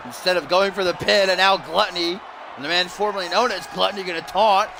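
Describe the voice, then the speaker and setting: A young man doing mock play-by-play commentary over a wrestling video game, bursting into shouts at big moves. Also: high-pitched, fast talker, creaky. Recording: loud game crowd and noise behind. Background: loud arena crowd and game sounds.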